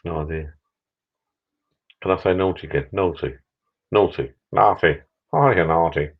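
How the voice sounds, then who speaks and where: A man's voice: sits low, moderate pace, slightly rough, muffled recording. A middle-aged man, chatting and rambling jokily on a live stream from his backyard bar. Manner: rambling, jokey, repeats words. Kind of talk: casual live stream chat. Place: backyard garden bar shed.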